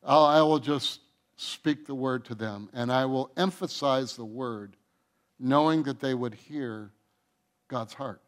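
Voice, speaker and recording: A man preaching a sermon to his church as its pastor, earnest, with restarts and soft, quiet endings to his phrases. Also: medium pitch, takes it slowly. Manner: earnest, with repeated restarts and soft drops in volume. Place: church sanctuary.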